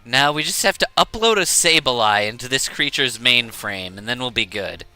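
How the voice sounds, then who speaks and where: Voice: mid-range voice, expressive, moderate pace, bright, forceful tone, smooth, faint music behind. A streamer giving casual commentary while playing a game, reading the characters' lines aloud. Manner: laughs often, voices characters while reading.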